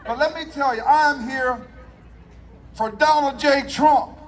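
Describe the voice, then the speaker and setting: A man giving a fiery outdoor rally speech, shouting and trading call-and-response with the crowd. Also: very high-pitched, slow, very noisy. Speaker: political speaker.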